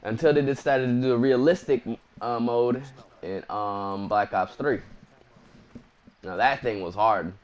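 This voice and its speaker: A man's voice: medium pitch, steady tone, a little slow. A man casually commenting over a video game walkthrough, laid-back and slangy, drifting into rambling asides. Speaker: gaming commentator.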